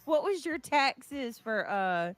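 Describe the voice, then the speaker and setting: A woman's voice: high voice, sing-song, takes it slowly, no room sound, soft background music. A woman hosting a casual livestream chat, teasing and laughing as she talks. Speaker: livestream host in clip.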